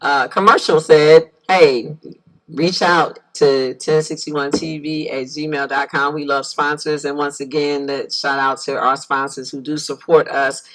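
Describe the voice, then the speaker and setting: A woman's voice: deep voice, fairly even intonation, a little slow, poor audio. A woman hosting a talk show, who chats casually with her guest and reads out her sponsors. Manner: friendly, gives frequent backchannel replies. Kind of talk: casual interview chat.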